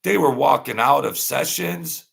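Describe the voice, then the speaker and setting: A man hosting an unscripted live-stream chat, rambling and animated, laughing often as he talks. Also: a little high, a little slow, creaky, slightly rough. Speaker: channel host.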